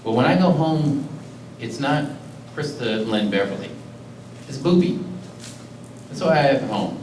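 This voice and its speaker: A middle-aged man, a county executive, earnestly recounts an emotional personal story as part of a public address in a community meeting hall. His medium-pitched voice is expressive, unhurried and a little mellow, with a little hiss or hum. The recording is roomy, from a distant mic, with faint ambience.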